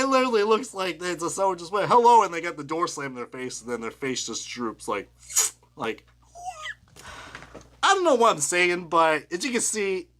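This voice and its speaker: Young guy doing a live rant review, swears a lot, super lively pitch, bright punchy voice. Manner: excitable and profane, with loud laughing outbursts. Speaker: diecast reviewer.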